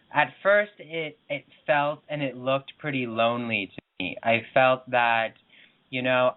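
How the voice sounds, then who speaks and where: Earnest gushing man on a phone line. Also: medium pitch. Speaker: co-host, interviewer. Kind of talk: casual spiritual talk-show chat.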